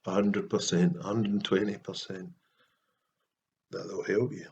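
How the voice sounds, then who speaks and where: A Scottish man with a lowish voice speaks to camera in a casual, heartfelt vlog. He talks softly and earnestly, with frequent pauses and fillers. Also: flat delivery, lo-fi sound. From Scotland. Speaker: Christian artist vlogger.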